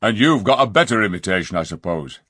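A man voicing a surly, scornful male dwarf who talks in a gruff, jeering, common way. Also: fairly low pitch, animated, fast, fairly bright tone, dry recording, clean studio sound. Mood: sneering. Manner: gruff, jeering, working-class speech.

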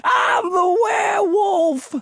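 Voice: extremely high pitch, takes it slowly, creaky, raised voice, noisy background, voice pushed up, heavily acted. A reader voicing a wild-eyed male swamp hermit who shrieks and laughs manically in an audiobook. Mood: manic shrieking. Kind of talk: audiobook character voice.

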